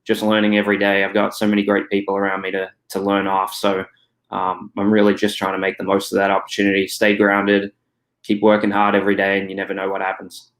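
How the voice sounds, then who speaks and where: A young man with an Australian accent talks through his answers in a low, level voice that barely rises or falls. He hedges and restarts often, leaning on "you know" as he goes. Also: completely flat delivery, quick pace, a bit bright. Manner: hesitant, many "you know" fillers and restarts. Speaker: guest. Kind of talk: casual interview answers.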